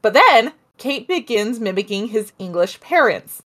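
Woman podcaster telling a ghost story, chatty and animated, lots of asides. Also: on the high side, measured pace. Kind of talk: casual storytelling chat.

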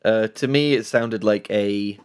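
A man's voice: fairly low pitch, unhurried, darkish tone, clean tone. A man, co-hosting a casual podcast chat about video games with blunt, jokey asides. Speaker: podcast co-host.

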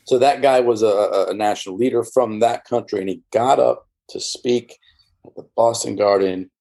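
A man's voice: on the low side, normal speed, gravelly, dark tone. A man, an interview guest and former church member, recounting his experiences in a rambling, candid way with many fillers and restarts. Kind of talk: candid conversational storytelling.

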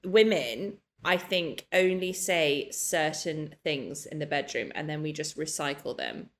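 A woman's voice: sits low, unhurried. Blunt, swearing woman podcast co-host. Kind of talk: casual chat.

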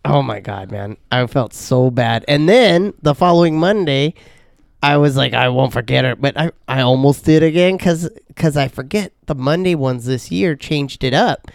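A man in his thirties, a podcast co-host telling a story in casual chat, animated and mimicking other people. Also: on the high side, moderate pace, vocal fry, no echo, clean studio sound.

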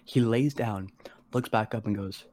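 Rambling casually, a teenage podcast co-host tells a story with a lowish, warm voice, peppering it with slang, "like" and curses. He often breaks into quick imitations of the people he's describing, keeping things loose and unpolished.

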